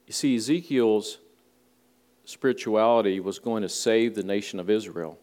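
A man's voice: fairly low pitch, normal speed, a little mellow. A male pastor giving a conversational sermon in a church, with folksy asides to the congregation. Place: church sanctuary.

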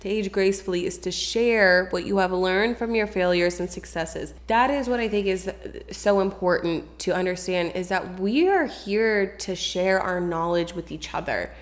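A woman's voice: medium pitch, normal speed. A woman co-hosting a podcast, chatting casually and frankly, swearing freely and saying "like" a lot. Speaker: podcast co-host. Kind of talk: casual podcast chat and book reading.

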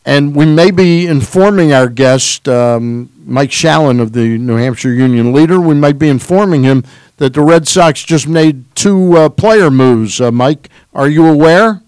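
A man's voice: a little high, unhurried, a little mellow, clean tone, no echo. Chatty male sports radio host. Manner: chatty storyteller who laughs along. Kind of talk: casual sports talk radio. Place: radio studio. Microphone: studio mic.

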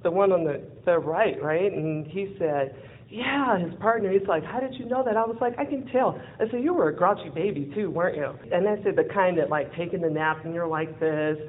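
A woman telling a personal story in a lively way, acting out what people said and laughing often. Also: on the low side, fairly quick. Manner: lively, acts out quoted dialogue, laughs often. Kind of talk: personal storytelling with a closing lesson. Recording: phone-like narrow sound with faint noise.

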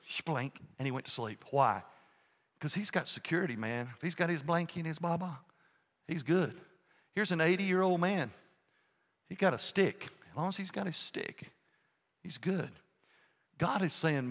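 A man's voice: fairly high pitch, sharp tone. A man, preaching a sermon as pastor in an emphatic, folksy storytelling way. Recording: long hall reverb.

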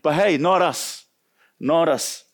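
A man preaching a sermon, animated and conversational, acting out the people he quotes and often restarting his words. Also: slow pace, creaky. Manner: animated, acts out quoted voices with big pitch jumps; many restarts and repeated words. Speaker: pastor.

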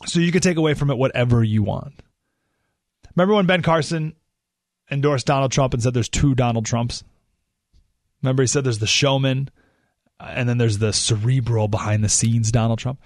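A man hosts a talk radio show in an animated, sarcastic monologue. His pitch sits mid-range. The sound is dry and close, with no room around it. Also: normal speed, pauses often, no echo. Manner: animated, sarcastic, rhetorical questions.

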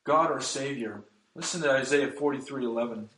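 A man's voice: mid-range voice, fast talker, fairly bright tone, roomy sound, low-quality recording. A man preaching a sermon as pastor, emphatic and reading scripture aloud.

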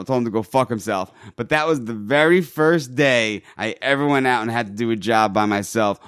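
A man telling a profane, animated story in casual podcast chat, acting out shouted quotes. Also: mid-range voice, clear, resonant tone, dry recording, studio quality.

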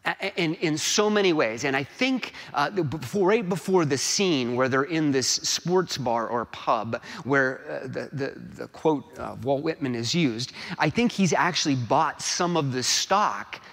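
A man's voice: a little high, lively intonation, measured pace, few pauses, a bit bright, in a large hall. A man giving a homily in a church, rambling with many restarts and tag questions.

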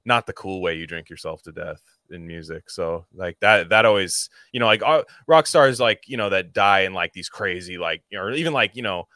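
A man chatting on a podcast in a rambling, animated way, full of likes and restarts. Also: low voice, a little fast, dry recording, clean studio sound. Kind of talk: casual podcast chat.

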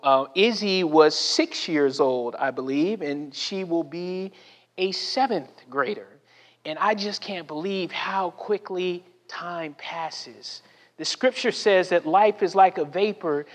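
A man in his forties from Southern California, a pastor preaching a sermon. He tells personal stories, keeps asking "right?" and acts out the people he quotes. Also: on the high side. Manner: storytelling with frequent "right?" asides and acted-out quotes. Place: church sanctuary. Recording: long hall reverb.

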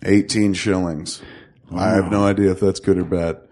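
A man's voice: sits low, little pitch movement, moderate pace, a little mellow. A man running a tabletop game as game master, joking crudely and chuckling through his own setups.

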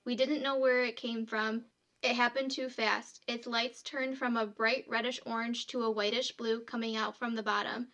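A woman's voice: fairly high pitch, flat delivery, normal speed, fairly bright tone. A woman co-hosting a podcast, casually telling a true story and reading quotes aloud, with frequent fillers.

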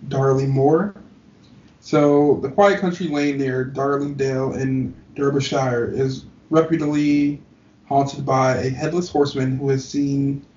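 A man's voice: medium pitch, a little mellow. A man co-hosting a casual podcast, reading spooky road legends in an easygoing, teasing way. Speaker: podcast co-host. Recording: roomy, distant, dull lo-fi.

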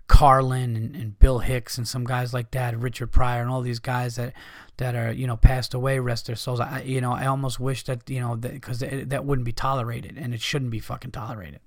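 A man's voice: mid-range voice, level tone, moderate pace. A man rants on his comedy podcast in a mid-range voice, swearing freely and pushing his points hard. The recording is dry, with no room echo. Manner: profane, heated ranting. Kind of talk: casual podcast monologue.

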